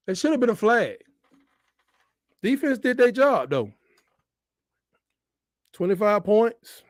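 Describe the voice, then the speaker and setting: A man giving live, excitable reaction commentary on a football game, swinging between shouts and mutters. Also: high voice, slow pace, pauses often, dry recording, studio quality. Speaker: fan watch-along host.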